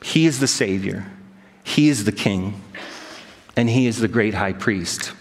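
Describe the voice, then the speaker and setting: A man in his thirties, a pastor, preaching a sermon with self-deprecating stories and animated quoted voices. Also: on the low side, measured pace, slight background noise. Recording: long hall reverb.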